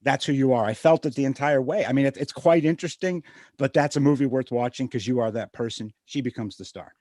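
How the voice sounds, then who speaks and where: A man's voice: mid-range voice, quick pace, a little mellow, no echo, clean studio sound. A man speaking as a guest on a spiritual radio talk show, earnest and reflective as he tells stories. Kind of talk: conversational radio interview.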